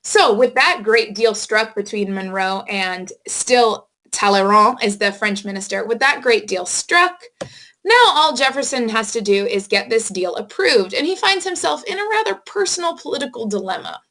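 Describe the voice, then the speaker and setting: A woman with a somewhat high voice delivers a screen-recorded history lesson. She explains things to students in a plain, conversational way, adds casual asides, and fixes her own slips mid-sentence. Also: expressive, moderate pace, bright, forceful tone. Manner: explanatory, addresses students directly with reminders; casual asides and self-corrections. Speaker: history teacher. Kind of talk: recorded classroom lecture. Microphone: screen-recording microphone.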